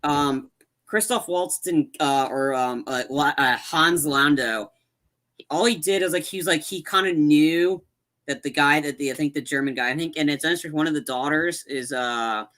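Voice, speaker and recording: Bright-voiced man rambling about movies. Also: on the high side, normal speed. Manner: rambling, many fillers and restarts. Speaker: podcast co-host. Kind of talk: casual movie chat.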